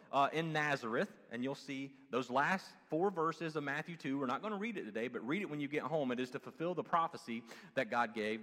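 Animated Southern preacher man, big reverb. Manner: animated preaching, swinging between loud exclamations and hushed low asides. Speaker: pastor. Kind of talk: sermon.

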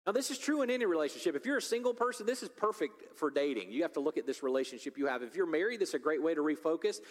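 A pastor in his forties preaching a sermon, swinging between loud urgency and hushed, intimate appeals. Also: a little high, expressive, very fast. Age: 40s. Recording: long reverb of a large hall.

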